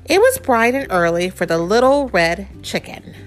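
A woman's voice: medium pitch, big pitch swings, normal speed, soft background music. A woman in her thirties hosting a podcast, reading a picture book aloud to her child, playful and chatty. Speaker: podcast host and mother.

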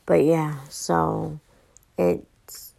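A woman's voice: deep voice, steady tone, very slow, gravelly, mellow, poor audio. An exhausted young woman rambling through a casual podcast monologue, full of fillers and restarts. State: exhausted and fatigued. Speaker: podcast host.

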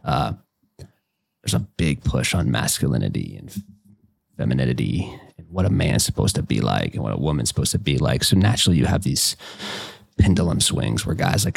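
A very deep, gravelly man with an Appalachian accent, from West Virginia. He talks in a loose, folksy way, full of double negatives and casual swearing, as he coaches and tells stories. The grit in his voice stays under every line. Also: big pitch swings, normal speed. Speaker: life coach and podcast guest. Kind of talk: casual conversation.

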